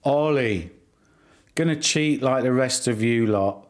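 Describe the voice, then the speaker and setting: Middle-aged male livestream host, slow, easy banter with viewers. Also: mid-range voice. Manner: bantering, teasing viewers by name. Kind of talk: casual live-stream chat.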